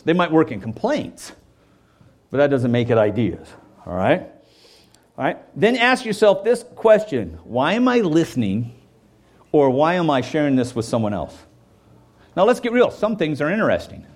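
A man's voice: medium pitch, sing-song, moderate pace, darkish tone. A man preaching a sermon in a conversational way, often checking in with "okay?" and acting out quoted voices. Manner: acts out quoted voices and jokes. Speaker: pastor.

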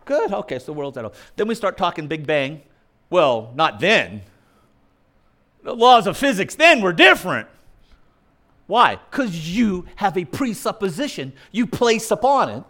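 A male preacher delivering an emphatic, argumentative sermon, mimicking objections and swinging between loud punchy lines and quiet asides. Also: sits high, very animated, a little slow.

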